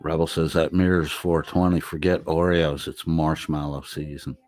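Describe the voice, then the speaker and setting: A man's voice: rumbling low, flat delivery, normal speed, darkish tone, soft background music. A man live-streaming, reading chat comments aloud and answering them in a rambling, profane, casual way. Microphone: laptop microphone.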